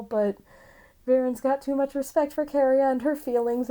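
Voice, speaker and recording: Gushing woman reviewer with a mellow voice. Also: a little high, normal speed. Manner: gushing, enthusiastic, rambling, swears casually. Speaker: book reviewer. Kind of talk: casual book review vlog.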